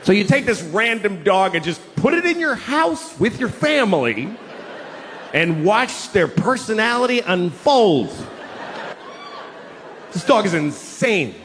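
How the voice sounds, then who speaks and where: Man in his forties doing stand-up, lively pitch. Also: measured pace. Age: 40s. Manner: deadpan storytelling with sudden shouted outbursts. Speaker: stand-up comedian. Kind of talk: stand-up routine. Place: theater stage. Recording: reverberant hall with faint noise. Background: audience laughter.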